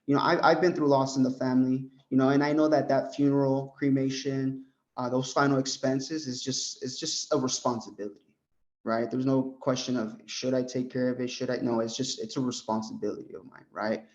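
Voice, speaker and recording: A young American man training insurance agents, animated and full of "right?" as he role-plays his pitch. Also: a little fast. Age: young adult. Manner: animated, peppers talk with "right?" and "bro". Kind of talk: sales coaching talk with role-played pitch. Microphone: group call. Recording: dull lo-fi call audio.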